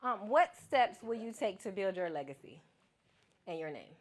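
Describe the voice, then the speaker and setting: A woman's voice: medium pitch, normal speed. A woman giving a keynote to students, talking casually and playfully, calling on people in the audience. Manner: lively, playful, calls on the crowd. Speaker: keynote speaker. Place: event hall with an audience.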